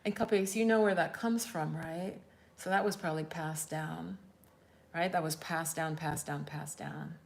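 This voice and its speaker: A woman's voice: low-pitched, fairly even intonation, normal speed, creaky. A woman in her fifties from Jamaica, with a Jamaican accent, chatting casually on a live stream as a spiritual life coach. She tells stories animatedly, acts out quotes and laughs often.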